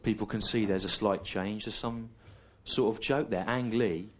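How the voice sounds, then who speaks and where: A middle-aged English man doing a deadpan stand-up routine, telling a slow, repetitive story on a theatre stage. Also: on the low side. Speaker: stand-up comedian. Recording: clear audience noise behind. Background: audience laughter.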